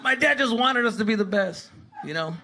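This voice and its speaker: A man from Arizona doing animated, profane stand-up comedy storytelling. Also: sits high, brisk. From Tucson, Arizona. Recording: live stage with crowd noise.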